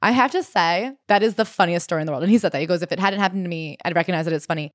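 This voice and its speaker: A woman co-hosting a podcast, reading quotes from a memoir and reacting with animated disbelief. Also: on the low side, rapid-fire, dry recording, studio quality. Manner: animated, incredulous, reads quotes aloud. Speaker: podcast co-host. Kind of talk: casual book-summary chat.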